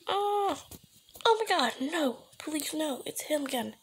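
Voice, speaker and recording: A woman's voice: high-pitched, animated, unhurried, a little hiss or hum. A woman commenting as she plays a horror game, jumpy and gasping, often whispering under her breath. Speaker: gamer playing a horror game. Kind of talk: let's play commentary.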